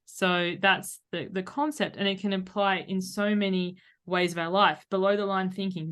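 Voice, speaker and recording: A woman's voice: mid-range voice, little pitch movement, normal speed, hardly any pauses, fairly bright tone, clear, resonant tone. A woman co-hosting a podcast in casual chat, talking animatedly and acting out little quoted voices. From Australia. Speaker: podcast co-host.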